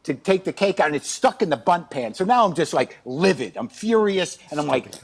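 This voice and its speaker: Rambling, exasperated man with a high voice. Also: animated, brisk, breathy edge. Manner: rambling, exasperated, self-mocking. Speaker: guest. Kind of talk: comic storytelling chat. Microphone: remote video call from outside his house.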